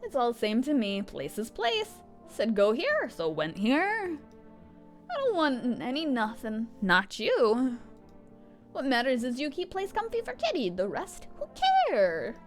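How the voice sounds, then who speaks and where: A woman's voice: a little high, huge pitch swings, unhurried, soft background music. A woman voicing an odd visitor in a game, clipped and blunt, dropping small words.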